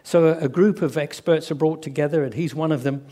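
Male preacher, mellow tone, lively storyteller voicing characters. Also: fairly high pitch. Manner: storytelling, acts out quoted voices, slows for emphasis. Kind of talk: sermon.

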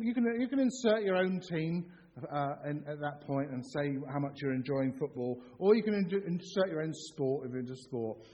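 A middle-aged man preaching a sermon in a church, animated and jokey, acting out excited shouts. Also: a little high. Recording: dull sound with long hall reverb.

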